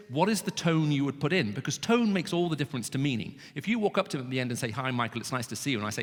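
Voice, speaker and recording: A man giving an expressive talk to students, his voice rising sharply when pleading. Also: mid-range voice, very fast, hardly any pauses. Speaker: Christian speaker. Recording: reverberant hall.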